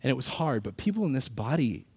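A young man telling a personal faith story in a casual, animated way, laughing often and acting out what people said. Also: medium pitch, fast talker, slightly rough, no room sound. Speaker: speaker sharing a personal testimony.

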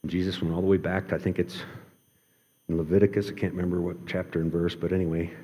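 A male pastor delivers a sermon in a low, mellow voice. He speaks earnestly, slowing down and dropping to a near hush on key words. The sound carries the long reverb of a large church hall. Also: little pitch movement. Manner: earnest, varies pace, drops to quiet emphasis.

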